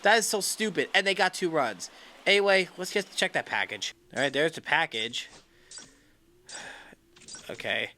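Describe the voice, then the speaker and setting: A young man commentating his own baseball video game, excitable, yelling when upset and dropping to a low muttering tone when calm. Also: normal speed, long pauses. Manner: excitable, yells in frustration then drops to a low muttering tone. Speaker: gaming YouTuber.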